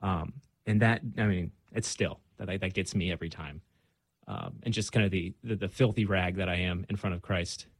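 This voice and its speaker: A man's voice: sits low, moderate pace, no room sound. A young man speaking as a guest in a casual conversation, earnest and reflective, with frequent fillers.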